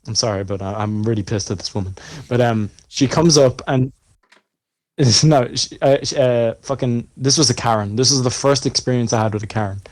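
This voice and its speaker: A man's voice: mid-range voice, normal speed, a little mellow, no echo. Young Irish guy, podcast co-host, rambling and sweary storyteller. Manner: rambling, profane storytelling full of fillers. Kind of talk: casual chat.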